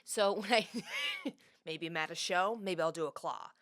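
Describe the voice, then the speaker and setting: A woman's voice: lowish voice, normal speed, fairly bright tone. Laughing, bubbly woman guest. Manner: bubbly, laughs often, jokey. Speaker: podcast guest. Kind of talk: casual chat.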